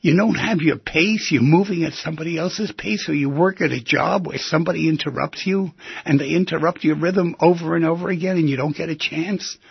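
Gravelly, husky man hosting a show. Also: on the high side, brisk, no room sound, lo-fi sound. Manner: musing, asks the listener rhetorical questions. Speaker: radio show host. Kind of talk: reflective talk show monologue.

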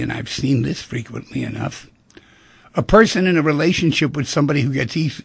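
A middle-aged man hosts a radio talk show, musing conversationally on feelings and relationships and acting out quoted voices in little scenes. His mid-range voice is gravelly and slightly rough, with no room sound.

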